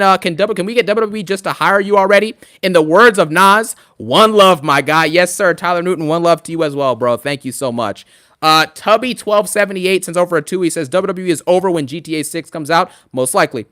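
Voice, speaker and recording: A young man ranting casually on a live stream about wrestling, fast and animated, full of slang and fillers. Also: high-pitched.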